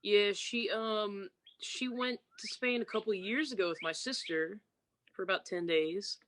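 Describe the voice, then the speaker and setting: A woman's voice: mid-range voice, unhurried, fairly bright tone, a little hiss or hum. A woman guest musician chatting casually on a podcast, telling candid, loose stories and mimicking people.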